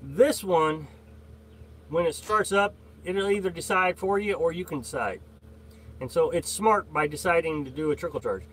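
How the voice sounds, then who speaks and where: A middle-aged man hosts a casual livestream, rambling with plenty of fillers and greeting viewers by name as he reads their comments aloud. His fairly high, fairly bright voice is slightly rough and moves at a moderate pace.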